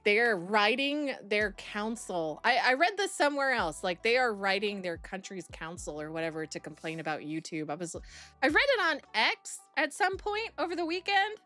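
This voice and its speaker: Young woman streamer, loose rambling live chat, quick to laugh, mid-pitched voice. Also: a bit bright. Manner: rambling, chatty, laughs often. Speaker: streamer reacting to videos and reading chat.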